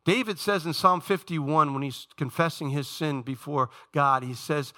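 A man pastor preaching a sermon in a church, shifting between quiet conversational asides and emphatic, rising peaks. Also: fairly high pitch, normal speed, hardly any pauses.

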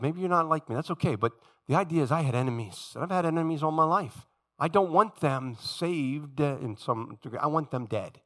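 A man preaching a sermon in church, animated and emphatic, acting out the voices of the story he retells. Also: on the high side. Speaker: pastor. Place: church sanctuary.

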